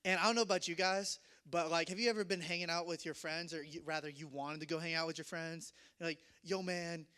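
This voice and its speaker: A young man telling a self-mocking story to an audience, animated and laughing often. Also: on the high side, fast, few pauses, clean tone.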